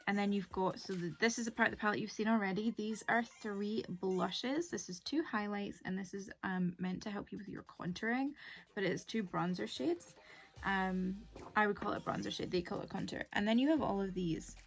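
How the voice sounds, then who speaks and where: A woman's voice: medium pitch, normal speed. A young woman, chatting casually and rambling through a make-up tutorial with many fillers. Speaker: beauty vlogger.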